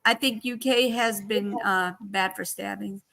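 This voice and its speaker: A woman hosting a livestream in casual chat, outspoken and quick to scold rude viewers. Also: medium pitch, steady tone, gravelly, a bit bright. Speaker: livestream host.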